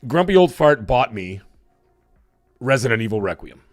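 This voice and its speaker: A man with a hoarse, cracking voice hosting a live stream, chatting casually and rambling with fillers as he thanks viewers. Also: mid-range voice, sing-song, normal speed, faint music behind. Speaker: livestream show host.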